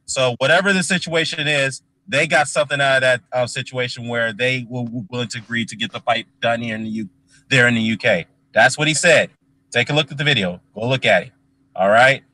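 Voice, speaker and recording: A man hosting a boxing talk show, making his case in a measured, casual way. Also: mid-range voice, pushed and bright, rough recording. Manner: measured, keeps repeating "take a look". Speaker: host.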